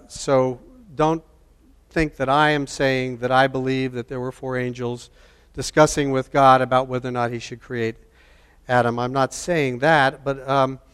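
A man preaching a sermon, deliberate in delivery and repeating key phrases for emphasis. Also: medium pitch, smooth, big-room sound.

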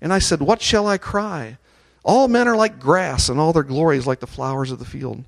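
Animated male preacher, fairly high voice. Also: normal speed, vocal fry. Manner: animated, rising to loud ringing peaks on scripture and praise; leads the congregation in call-and-response chants. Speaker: pastor. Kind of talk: sermon.

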